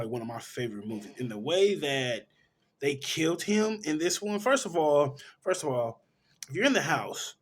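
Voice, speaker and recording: A man reviewing a film, retelling the plot in a casual, animated way and correcting himself as he goes. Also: mid-range voice, husky. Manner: animated storytelling, correcting himself mid-sentence. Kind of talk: casual movie plot recap.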